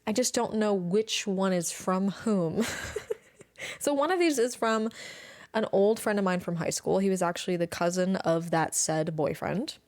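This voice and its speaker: A woman's voice: medium pitch, unhurried, a little mellow, no echo. A young woman hosting a casual solo podcast, telling stories in a bubbly, gushing way with lots of exclamations. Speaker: podcast host.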